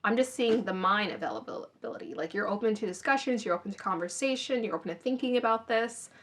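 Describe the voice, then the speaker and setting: A woman talks fast in an expressive, mid-range voice while reviewing reality TV on a phone recording. Her take is casual and chatty, full of restarts as she works through her thoughts out loud.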